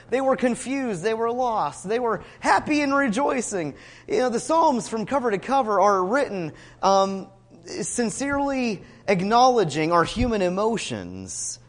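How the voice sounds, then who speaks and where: A man preaching a sermon, expressive, rising to emphatic cries when he quotes scripture. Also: sits high, in a large hall. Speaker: pastor.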